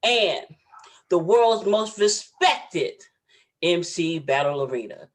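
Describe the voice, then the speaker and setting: A woman's voice: lowish voice, animated, takes it slowly. Playful Southern woman host. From Southern United States. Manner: bubbly and playful, jokes and does impressions. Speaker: interview host. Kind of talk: casual interview.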